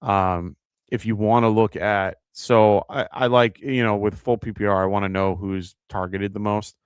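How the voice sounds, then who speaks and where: Steady, clear and resonant, a lowish male voice with a New York accent runs a live fantasy football show at a moderate pace. He talks casually, thinks aloud through fillers and reads out viewers' questions, in a studio-quality recording with no room sound.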